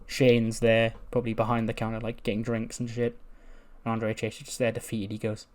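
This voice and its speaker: A man's voice: on the low side, monotone, brisk, darkish tone. A man hosting a game playthrough, giving crude, joking casual commentary. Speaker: gaming video host.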